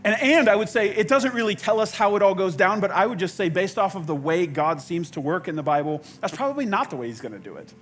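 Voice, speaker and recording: A man preaching a sermon in a conversational way, with halting restarts, dropping to quiet intensity and rising to loud outbursts. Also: high voice, animated, a little hiss or hum. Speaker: pastor. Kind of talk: sermon with acted-out quotes.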